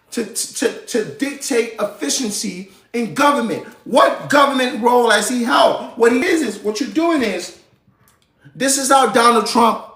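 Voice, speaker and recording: A man's voice: very high-pitched, a bit bright, echoey room. A man hosting a live show, ranting about politics in a heated, slangy, profane way. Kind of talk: casual political rant.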